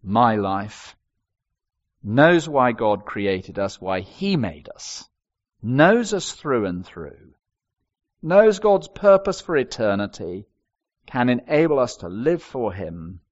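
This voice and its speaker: A man's voice: mid-range voice, takes it slowly, dull audio. An older man preaching a sermon, telling stories with wry humour. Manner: expressive storytelling with wry humour.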